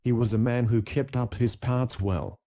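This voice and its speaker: A man narrating an audiobook in scripted style. His voice is mellow and relaxed. He keeps an even, measured pace through the story. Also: mid-range voice.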